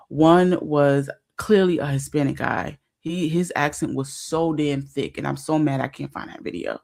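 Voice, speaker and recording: A woman hosting a casual livestream, talking emphatically, repeating herself and filling pauses with fillers. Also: low voice. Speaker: livestream host.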